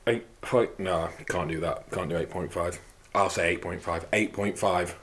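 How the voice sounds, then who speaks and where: A man's voice: deep voice, fairly even intonation, normal speed, a bit bright. A young man hosting a fitness channel, cracking crude jokes and swearing through a casual product review. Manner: crude, joking, heavy swearing.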